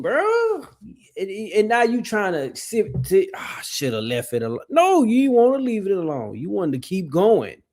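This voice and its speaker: A man riffs in relaxed reaction commentary. His voice is gravelly and swings up and down a lot, pitched a bit high for a man. He laughs and trails off between points. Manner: animated, slangy, laughs and trails off. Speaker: reaction channel host.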